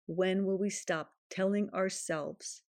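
A woman's voice: medium pitch, steady tone, slow pace, a little mellow, no echo, studio quality. A woman hosting her own podcast, talking earnestly and emphatically in a reflective solo monologue, her voice shaking with emotion. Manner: earnest, emphatic, self-affirming. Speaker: podcast host.

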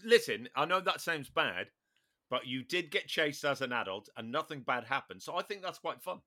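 A Northern Irish man hosts a casual comedy chat, tossing out dry jokes and quick asides. His voice is bright and forward, and his pitch leaps around as he talks. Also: expressive. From Northern Ireland. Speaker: podcast host.

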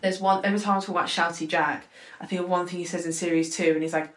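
A young woman co-hosting a podcast in a casual, animated chat, full of "like" and quick asides. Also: lowish voice. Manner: animated, excitable, lots of "like". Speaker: podcast co-host. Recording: echoey room.

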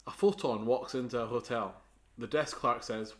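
A man co-hosting a casual science podcast, jokey and prone to loud bursts of energy. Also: medium pitch, normal speed. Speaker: podcast co-host. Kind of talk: casual chat.

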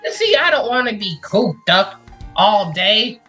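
Cranky fake-senile hero, slow and scolding, voiced by the game master. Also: mid-range voice, sing-song, bright, forceful tone, faint music behind, voice pushed up. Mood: grumbling. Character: cranky young hero acting like an old man.

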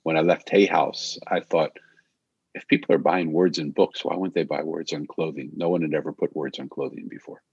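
An older man telling a personal story in a soft-spoken, reflective way, slowing down on key phrases. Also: extremely low pitch, flat delivery, vocal fry, husky, no echo, dull audio.

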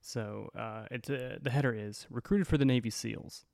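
A man's voice: medium pitch, normal speed, gravelly, darkish tone, no room sound, studio quality. Wry, profane man hosting a podcast. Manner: profane, wry, rambling with fillers. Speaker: podcast host. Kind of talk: casual storytelling monologue.

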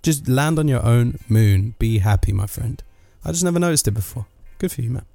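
A man's voice: medium pitch, expressive, brisk, mellow, dry recording, faint music behind. A man, delivering a sardonic, rambling comic monologue full of asides.

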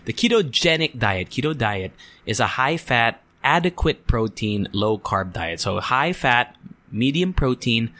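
Young guy rambling on his podcast, bright voice, swears a bit. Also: medium pitch, animated, a little slow. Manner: frustrated, rambling, swears, mixes in Tagalog words. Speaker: podcast host. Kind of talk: casual solo podcast chat.

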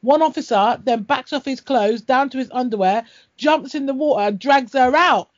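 A woman's voice: high-pitched, moderate pace. A woman in a casual chat, blunt and sweary, telling stories with laughs. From Britain. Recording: dull lo-fi audio.

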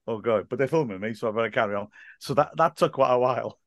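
A man's voice: medium pitch, fast, no echo, studio quality. A man as a podcast guest, a stadium announcer and teacher, chatting casually and telling stories with frequent laughs and quoted voices.

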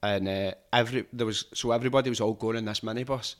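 A man's voice: lowish voice, steady tone, quick pace. A man with a strong Glaswegian accent chatting casually on a podcast, swearing freely and rambling through anecdotes. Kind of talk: casual chat.

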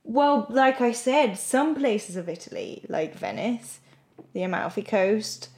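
A woman's voice: fairly high pitch, animated, unhurried, noisy background. A woman co-hosting a podcast, chatting casually, giving firm opinions and teasing her partner. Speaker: podcast co-host.

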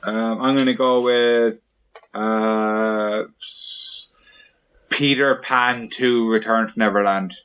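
A man's voice: lowish voice, steady tone, takes it slowly, fairly bright tone, smooth, muffled recording. A man hosting a podcast, chatting casually and playfully, firing off questions. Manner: playful, keeps asking questions and doing silly voices. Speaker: podcast host. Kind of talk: casual chat.

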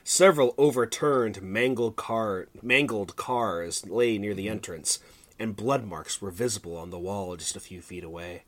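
A man hosting a podcast reads aloud a story he wrote years ago, his voice fairly low and a little slow. In this casual chat, he laughs often and keeps breaking off his reading with asides.

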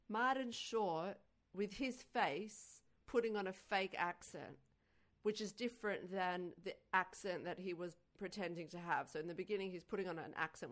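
A woman co-hosting a podcast in casual movie chat, explaining points emphatically and enthusiastically, often stumbling over her words. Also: on the low side. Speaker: podcast co-host.

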